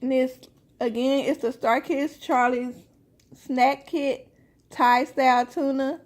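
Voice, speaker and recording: A fairly high-voiced woman vlogger chats casually through a snack taste test. She keeps turning to viewers with "you guys" and hums over her food between remarks. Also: steady tone. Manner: talks while eating, with drawn-out "mm" sounds.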